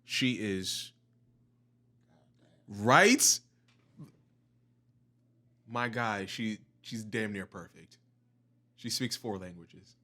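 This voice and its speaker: A young man co-hosting a podcast, relaxed and chiming in with eager agreement. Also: on the low side, extremely slow, pauses often. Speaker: podcast co-host. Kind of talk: casual chat.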